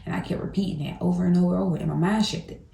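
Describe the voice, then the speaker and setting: Chatty woman with a gravelly low voice. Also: steady tone, racing, mellow. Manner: chatty, talks straight to viewers. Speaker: vlogger. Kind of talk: casual talk to the camera. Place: home kitchen. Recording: echoey room.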